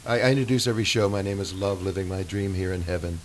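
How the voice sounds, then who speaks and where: A man's voice: sits low, quick pace. An older man, a longtime performer, earnestly telling a rambling story on a radio show. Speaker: guest singer and performer. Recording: faint hiss.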